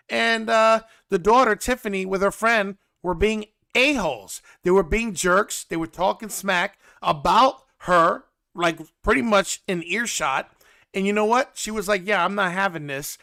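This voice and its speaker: Man, high voice, gravelly, bright, sarcastic gossip recap, dry close sound. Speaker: host. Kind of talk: casual reality-TV recap.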